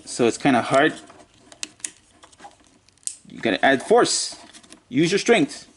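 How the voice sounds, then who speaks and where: A man's voice: fairly high pitch, very animated, takes it slowly, background noise. A man giving a casual toy review, muttering and joking to himself as he handles the figure.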